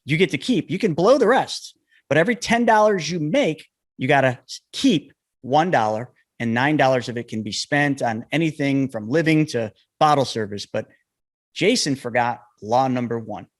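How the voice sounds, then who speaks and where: A man's voice: mid-range voice, animated, moderate pace, dry recording, studio quality. A man hosting a podcast interview, speaking straight to the listeners in a lecturing tone. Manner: addresses listeners directly, lecturing tone. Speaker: podcast host.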